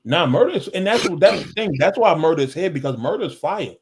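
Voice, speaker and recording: A man co-hosting a casual livestream chat, relaxed, often repeating a word as he starts a thought. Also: on the high side, moderate pace, breathy edge.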